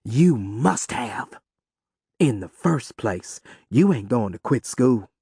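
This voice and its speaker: A man voicing a firm, weary middle-aged mother who scolds her daughter in a slow, low southern voice. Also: very animated, vocal fry, mellow, breathy edge, no room sound, studio quality, heavily acted. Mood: lecturing.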